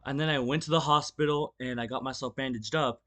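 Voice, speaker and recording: Pushed and bright, this young vlogger's mid-range voice holds a steady tone while he talks fast. His storytime is rambling and casual, heavy on fillers, restarts and swearing, and he gestures to act the story out.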